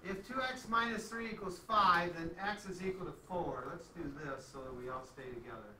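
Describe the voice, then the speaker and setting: A man's voice: high voice, normal speed, sharp tone, slight background noise. A man teaching a math class in a conversational way, often checking in with his students. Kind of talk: classroom lecture. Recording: echoey classroom from far off.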